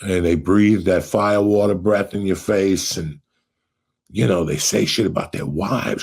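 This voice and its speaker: Man, podcast host, low husky voice, profane animated storytelling. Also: measured pace. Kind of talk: casual storytelling chat.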